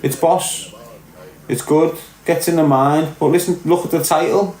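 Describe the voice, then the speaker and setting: A man with a Liverpool accent gives his opinions on a podcast. He is blunt and sweary and keeps hammering his points. His voice sits a little high and carries through an echoey room. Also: fairly even intonation, a little slow, darkish tone. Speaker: podcast commentator.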